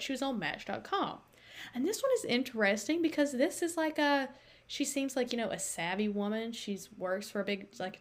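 A woman hosting a podcast, telling a story in a chatty, casual way with lots of fillers. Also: fairly high pitch. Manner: chatty, animated, many fillers and likes. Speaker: podcast host.

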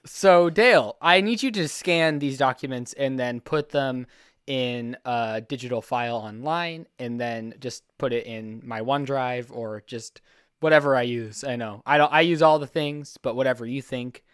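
A man's voice: mid-range voice, normal speed, a bit bright, clear, resonant tone, no echo, clean studio sound, lightly acted. A man improvising as a nervous, old-fashioned businessman who hesitates and stumbles over his words. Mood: flustered. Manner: hesitant, flustered, full of fillers. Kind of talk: improvised comedy scene.

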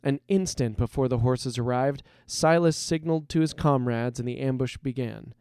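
A man reading a fantasy story aloud as narrator, in a measured and dramatic way. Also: mid-range voice, a little mellow, clear, resonant tone, dry recording, studio quality.

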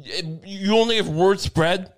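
Higher-voiced man swearing in casual podcast chat. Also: measured pace. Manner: profane, rambling, joking. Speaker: podcast co-host.

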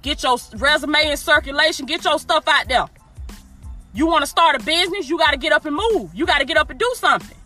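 A woman with a high, bright voice preaches in a loose, emphatic style, hammering her points through repetition. She talks directly to her listeners as if they were in the room, with faint music playing behind her. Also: animated, quick pace. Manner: emphatic, repeats phrases, addresses listeners directly with y'all and baby. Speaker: motivational preacher. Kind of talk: informal preaching.

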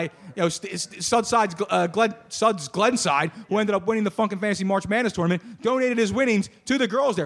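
A male show host in casual chat, joking and teasing in a boisterous way. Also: high-pitched. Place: studio.

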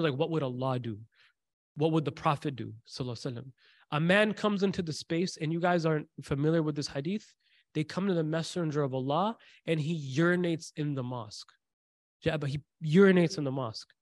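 A slightly high-voiced man leads a Quranic commentary class. He preaches in a lively, conversational way and slips into quick Arabic recitation. The sound is close and dry. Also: no room sound. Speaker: religious teacher.

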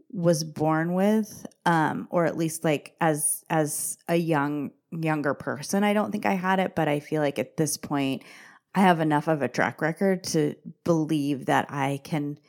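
A woman's voice: low-pitched, a little slow, vocal fry, a little mellow. A woman in her forties hosting a podcast, chatting in a casual, self-mocking way and laughing often. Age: 40s. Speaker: podcast host. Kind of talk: casual solo podcast talk.

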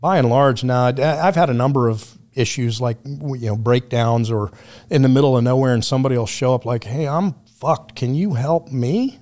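A man's voice: mid-range voice, fairly even intonation, a little fast, darkish tone. A man talking as a podcast guest, telling road stories in a blunt, profane, casual way. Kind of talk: casual conversation.

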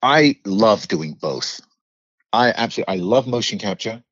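A British man with a low voice and a mid-Atlantic accent mixing British and American is a guest on a podcast, telling stories in an animated, unfiltered way during a casual interview chat. He swears freely and acts out quoted voices at a moderate pace. The audio is dry and a little dull with no echo, like a remote call.

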